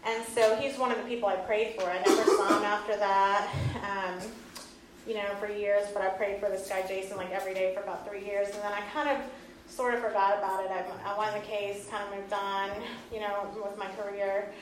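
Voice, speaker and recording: A woman's voice: mid-range voice, little pitch movement, brisk, background noise. A woman in her thirties, earnest and often laughing, telling a personal story to an audience. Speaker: speaker giving a talk. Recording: echoey hall from far off.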